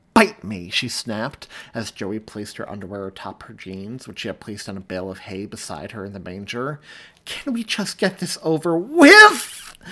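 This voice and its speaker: A man, the author, reading his own story aloud in a measured, expressive audiobook narration. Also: fairly low pitch.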